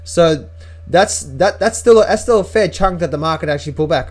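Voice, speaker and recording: A man's voice: a little high, expressive, a little fast, slightly rough. A man giving a casual market-update vlog as a trader, talking emphatically and often repeating words and restarting sentences.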